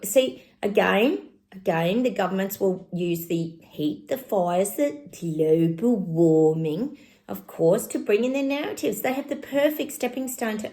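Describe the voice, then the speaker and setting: A middle-aged woman chats through a casual psychic reading and speaks straight to her viewers. Her voice carries a lot of gravelly fry, and she exclaims often. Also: mid-range voice, mellow. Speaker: psychic channel host.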